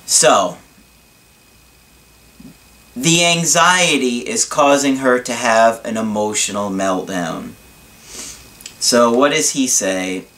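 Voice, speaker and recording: A male relationship coach talks through an advice video at an unhurried, drawn-out pace. His voice sits at a middling pitch, and he explains in a deliberate, reassuring way. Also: sharp tone.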